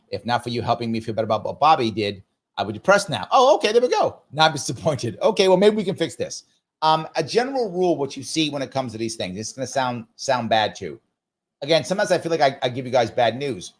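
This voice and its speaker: A middle-aged man hosting a live ask-me-anything show, often tagging his points with "right?" and acting out quotes in a raised voice. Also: on the high side. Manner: animated, repeats "right?" and acts out quotes in a raised voice. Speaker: host of a live call-in show.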